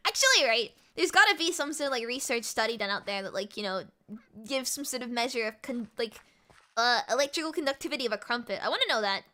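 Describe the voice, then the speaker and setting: A woman streaming a game, talking in a playful, rambling chat with viewers. Her voice sits high and swoops up and down with lots of life, and her tone is bright and crisp. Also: expressive, fast. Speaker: VTuber streamer. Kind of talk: casual livestream chat while gaming.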